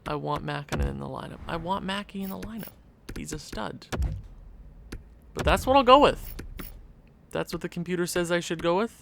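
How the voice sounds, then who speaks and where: A man's voice: high-pitched, gravelly, fairly bright tone, slight background noise. A young man giving casual gameplay commentary as a video creator, ranting in exasperation at the game with sighs and rueful laughs.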